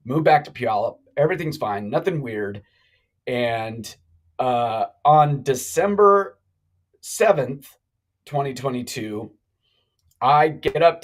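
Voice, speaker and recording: A middle-aged man telling a long story on a live talk show, animated and rambling, with many restarts. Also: on the high side, low-quality recording. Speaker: guest.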